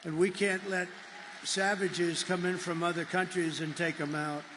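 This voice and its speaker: A man's voice: sits high, little pitch movement, a little slow, noisy background. A man giving a rambling, emphatic political rally speech, repeating himself for effect. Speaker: political candidate. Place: large rally hall. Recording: echoey hall with faint ambience.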